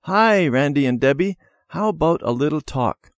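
A man voicing a gentle, patient father who speaks kindly and earnestly in a children's storybook reading. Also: fairly high pitch, expressive, normal speed, dry recording, studio quality, pitched above the performer's own voice. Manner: kind, earnest.

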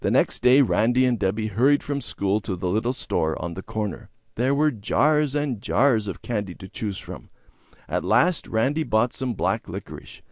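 A man narrating a children's moral story in an expressive, sing-song reading style. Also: fairly low pitch, moderate pace, no room sound, clean studio sound. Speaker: story reader.

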